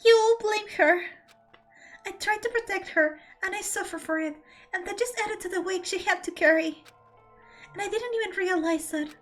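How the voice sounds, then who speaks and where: A woman's voice: very high voice, fairly bright tone. A woman streamer reading video game dialogue aloud, dramatic and emotional, close to tears.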